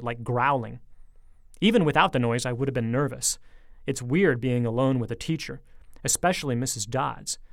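A man reading a story aloud in a lively, expressive way, his voice sitting at an ordinary middle pitch. The sound is dry and close to the mic. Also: vocal fry, no echo. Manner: lively storytelling, speeding up in tense moments. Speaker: audiobook narrator.

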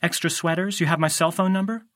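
A man's voice: fairly high pitch, steady tone, fast talker, fairly bright tone, dry recording, voice pushed up, natural voice. A caring, fussing middle-aged mom, as a man voices her, rattling off questions in a hurry. It is read close and dry. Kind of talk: audiobook character voice.

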